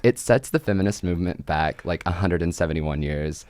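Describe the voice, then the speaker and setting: A man's voice: deep voice, a little fast, a little mellow, no room sound. A young man hosting a college radio show, chatting casually with playful sarcasm and frequent giggles. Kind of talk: casual joking chat.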